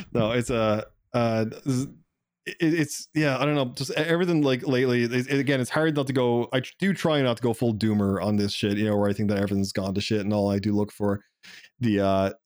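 A man's voice: medium pitch, steady tone, brisk, darkish tone, dry recording, clean studio sound. A man chatting on a podcast, crude, laughing often, with lots of filler words. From Ireland. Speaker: podcast guest. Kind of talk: casual podcast chat.

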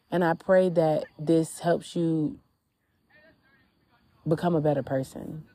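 A woman's voice: low-pitched, steady tone, dark tone, no echo. A woman hosting a podcast, candidly and reflectively telling her personal faith testimony. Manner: candid and reflective, with drawn-out pauses. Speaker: podcast host.

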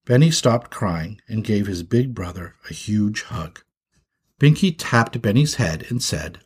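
A man narrating a children's story with an expressive, animated reading. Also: medium pitch, moderate pace, breathy edge.

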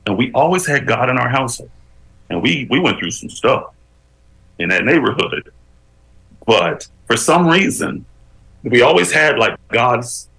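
A man, a guest on an interview show, telling his life story with animated, preacherly emphasis that climbs as he builds a point. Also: medium pitch, creaky, rough recording.

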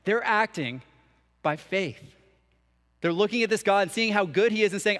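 A man's voice: sits high, moderate pace, pauses often, fairly bright tone. A young man preaching a sermon as a church minister, mixing scripture with casual, conversational asides. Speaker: canon for student ministry, preacher. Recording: long reverb of a church hall.

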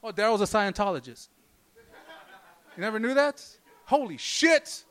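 A man's voice: high-pitched, lively intonation, normal speed, a bit bright, clean tone. A man doing a stand-up comedy set, rambling loosely and swearing constantly. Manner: profane, rambling, loose delivery.

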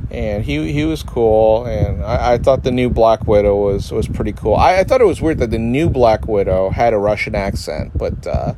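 A man's voice: on the low side, lively intonation, moderate pace, hardly any pauses, noisy background. A man ranting in a casual, rambling way, sarcastic, full of restarts and swearing, mocking other people's voices as he goes. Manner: frequent restarts and profanity. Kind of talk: casual rant.

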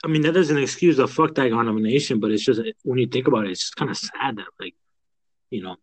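A man's voice: medium pitch, fast. A young man co-hosting a casual fantasy football podcast, laid-back and reflective. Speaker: podcast co-host.

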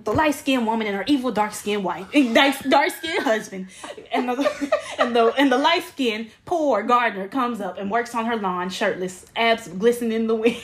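A woman's voice: fairly high pitch, normal speed, a little hiss or hum. A young woman co-hosting a podcast, chatting casually and laughing as she tells stories. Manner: laughing, storytelling, teasing. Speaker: podcast co-host.

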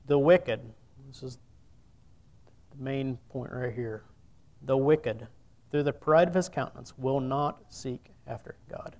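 An earnest male preacher, midway in pitch, reads old scripture with weight before turning to speak straight to his listeners. His delivery rises and falls in loudness as he presses his points. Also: unhurried. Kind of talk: sermon with scripture reading.

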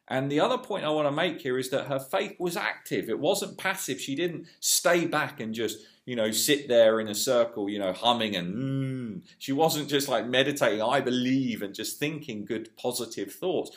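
A man preaching a sermon with an earnest delivery, rising to loud emphasis and dropping to hushed lines. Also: fairly low pitch.

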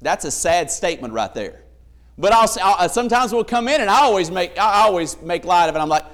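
A man's voice: high-pitched, very animated, a little fast, a bit bright. A man preaching a sermon, emphatic, telling stories and acting out the voices in them.

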